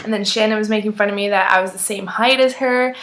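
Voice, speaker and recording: A woman of nineteen telling an excited, chatty story, full of "like" and acted-out quotes. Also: mid-range voice, quick pace. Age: young adult. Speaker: vlogger. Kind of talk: casual storytelling.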